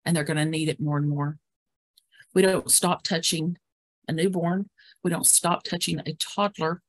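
A woman educator gives a calm, instructive webinar presentation on caregiving, walking listeners steadily through examples. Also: sits low, moderate pace, dry recording. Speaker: dementia care educator.

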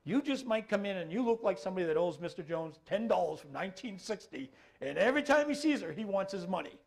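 A man's voice: high-pitched, animated, quick pace, vocal fry. A middle-aged man training an audience on dementia care, talking in a loose conversational way and often checking in with the listeners. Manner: conversational, keeps checking in with the audience, tacks on filler phrases. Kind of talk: talk to an audience.

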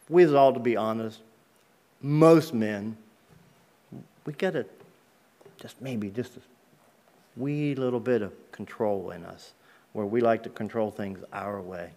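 A man with a fairly low voice gives a personal testimony as a guest speaker in a church. He tells his story in a relaxed, conversational way, with down-to-earth phrasing and everyday grammar. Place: church sanctuary.

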